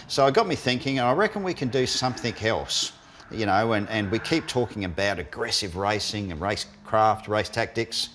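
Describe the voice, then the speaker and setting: A man with an Australian accent co-hosting a motorsport show, talking in a relaxed, rambling way with frequent restarts. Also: fairly low pitch, normal speed, a little hiss or hum. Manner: laid-back, restarts often, excitable behind the wheel. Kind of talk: casual chat and in-car commentary.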